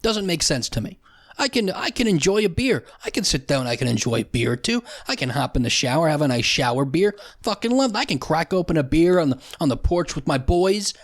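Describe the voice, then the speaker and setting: A man's voice: a little high, very animated, fairly quick, no room sound, clean studio sound. A young man hosting a solo comedy podcast, ranting with profanity and sarcasm and often restarting his sentences. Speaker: podcast host.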